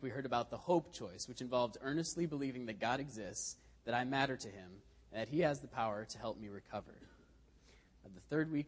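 Husky-voiced man giving a sermon. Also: medium pitch. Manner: conversational storytelling with frequent restarts. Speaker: lay speaker. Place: church. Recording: reverberant church hall.

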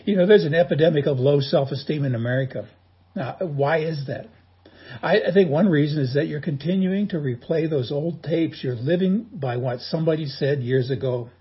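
A male pastor delivers a sermon in a folksy, joking storytelling way. His voice sits a little high and is deeply husky and rough. The recording sounds dull and lo-fi. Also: moderate pace.

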